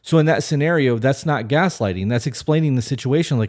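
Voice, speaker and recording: A man's voice: mid-range voice, lively intonation, normal speed, darkish tone. Frank, cursing man on a podcast. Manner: frank, questioning, swears freely. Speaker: podcast co-host. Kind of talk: casual podcast chat.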